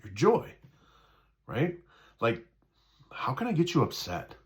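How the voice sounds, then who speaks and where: Speaking slowly with huge pitch swings in a mid-range voice, a man gives a casual spiritual talk. He's conversational and repetitive, often asks "right?", and performs the voices people hear in their heads.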